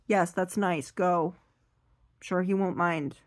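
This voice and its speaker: A woman voicing a grumpy, unimpressed woman friend who answers in a flat, impatient, dismissive way. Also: fairly low pitch, slow pace, no echo, studio quality.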